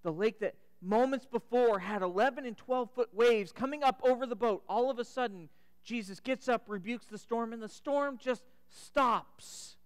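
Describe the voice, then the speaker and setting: A man preaching in a church sanctuary, his voice high and smooth. He tells the story dramatically and sometimes sinks to a hush. The long reverb of the hall trails behind each phrase. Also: normal speed. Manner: dramatic retelling, dropping to a hush for the climax. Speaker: pastor. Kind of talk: sermon storytelling.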